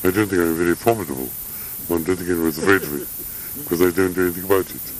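An older man in a reflective interview, speaking in a measured, halting way with frequent pauses and fillers. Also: deep voice, poor audio. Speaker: interviewee, academic.

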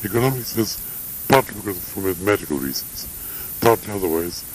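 Older guy with a really low voice, slow halting academic talk, faint tape hiss. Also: animated, poor audio. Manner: measured, halting, with frequent uhs. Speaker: interviewee, academic. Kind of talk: reflective interview talk.

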